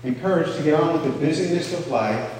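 A man's voice: a little high, a little fast, a little mellow, slight background noise. A man preaching a conversational sermon, often checking in with the audience by asking "okay?". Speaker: pastor. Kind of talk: sermon teaching. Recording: echoey hall from far off.

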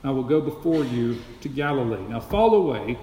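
A man's voice: medium pitch, lively intonation, moderate pace, dark tone, a little hiss or hum. A man preaching an expository sermon, emphatic and repeating key phrases for stress. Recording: echoey hall with long reverb.

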